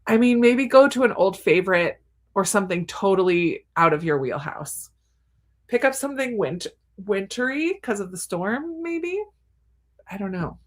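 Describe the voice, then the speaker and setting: A woman's voice: mid-range voice, expressive, a little slow. A woman hosting a cozy reading livestream from her attic, reading viewers' comments aloud and reacting with frequent laughs. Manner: laughs often between comments. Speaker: booktuber host reading live chat. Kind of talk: casual livestream chat. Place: home attic.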